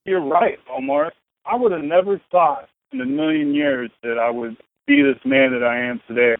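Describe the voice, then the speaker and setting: A man's voice: on the high side, big pitch swings, moderate pace, vocal fry. A man in his thirties, a podcast guest telling his story in a loose, profane, rambling way. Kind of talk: casual conversation. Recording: tinny phone-like line.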